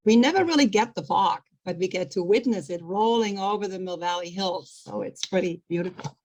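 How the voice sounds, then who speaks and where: A woman's voice: medium pitch, a little fast, a little mellow, rough recording. A woman from Germany, hosting an interview in an enthusiastic, encouraging way. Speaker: interview host. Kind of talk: conversational interview.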